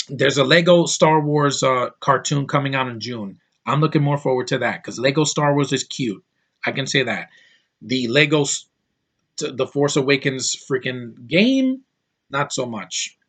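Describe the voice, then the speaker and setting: An American man in a middle-pitched voice, talking in a loose, emphatic vlog rant. He talks in blunt opinions and keeps tripping over and restarting his sentences. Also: animated, a bit bright. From United States. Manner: opinionated, emphatic, quick to dismiss things; frequent restarts and stammering. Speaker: vlogger.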